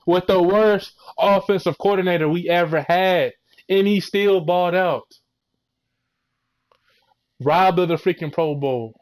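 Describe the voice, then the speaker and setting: A man's voice: high voice, a little slow, long pauses. A young man ranting a football recap, heated and exasperated, full of slang and mocking quotes. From Florida. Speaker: sports vlogger.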